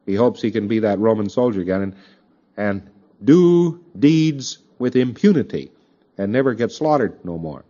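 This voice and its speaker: Man lecturing, lively, on dull old tape. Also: fairly low pitch, moderate pace. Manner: conversational, with frequent asides to the audience. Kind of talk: recorded lecture.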